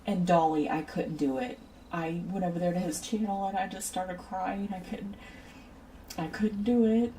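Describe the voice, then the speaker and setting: A woman's voice: lowish voice, fairly even intonation, moderate pace, dark tone, far from the mic, slight background noise, poor audio. A woman chatting casually on a livestream, rambling off on tangents and talking straight to her viewers. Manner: talks straight to chat viewers. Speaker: streamer.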